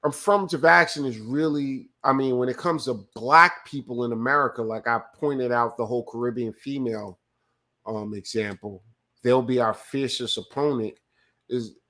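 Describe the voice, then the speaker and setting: A man's voice: mid-range voice, normal speed, bright, forceful tone. A man from California hosting a live show, swearing freely and telling loose stories with frequent restarts while answering viewer chat. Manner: profane, loose storytelling with restarts. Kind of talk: casual livestream commentary.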